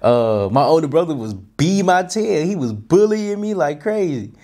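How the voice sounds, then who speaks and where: Man, storytelling talk, animated, repeats himself, a bit higher pitched. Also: normal speed. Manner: animated, conversational, repeats and restarts. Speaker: host.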